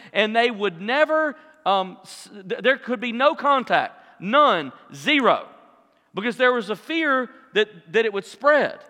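A man preaching a sermon, with a dramatic delivery that swings between loud acted-out cries and hushed asides. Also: very high voice. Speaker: pastor. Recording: long hall reverb.

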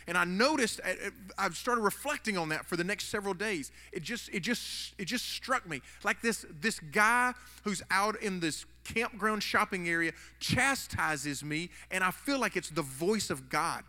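Conversational pastor in reverberant hall. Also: male voice, high voice, lively intonation, moderate pace, hardly any pauses, sharp tone. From United States. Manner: conversational, rambling with restarts. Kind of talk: sermon.

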